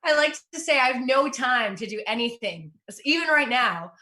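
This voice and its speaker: A woman's voice: high-pitched, lively intonation, normal speed, sharp tone. A young woman doing a stand-up comedy set from home for an online show, upbeat and self-mocking. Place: at home in front of a green screen. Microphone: computer mic for an online show.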